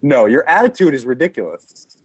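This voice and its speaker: A man's voice: medium pitch, very animated, brisk, husky, no echo. Man, fake manager prank call, stammering politeness, dry, slightly dull sound. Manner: falsely polite, stammering, turns insulting. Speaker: prank caller posing as a manager.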